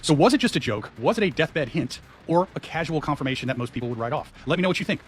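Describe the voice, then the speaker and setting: A man's voice: a little high, animated, quick pace, slight background noise. A man giving casual commentary on a video clip, posing questions to viewers.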